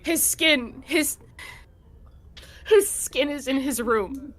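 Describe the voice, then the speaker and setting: A woman's voice: sits high, slow, pitched above the performer's own voice. A woman voicing a distraught mother crying and pleading for help as her son has vanished, in a tabletop game. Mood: shaken. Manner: shrieking, pleading, broken off. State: sobbing, panicked.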